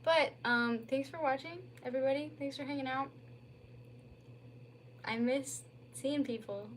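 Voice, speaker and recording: Slow-talking young woman streamer. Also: sits high, slight background noise. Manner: rambling, lots of "like" fillers. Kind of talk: casual livestream chat. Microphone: phone.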